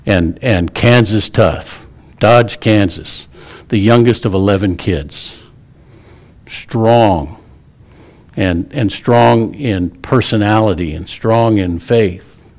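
A man's voice: fairly low pitch, takes it slowly, a little mellow. A middle-aged man, a pastor preaching a sermon in a church, telling stories in a folksy, humorous way. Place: church sanctuary.

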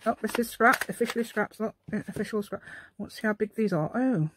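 A woman's voice: mid-range voice, brisk, noisy background. Chatty woman in a mock-posh voice. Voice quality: playful put-on posh telephone voice. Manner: rambling, chatty, talks to herself while working. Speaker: crafting channel host. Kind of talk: casual crafting demonstration.

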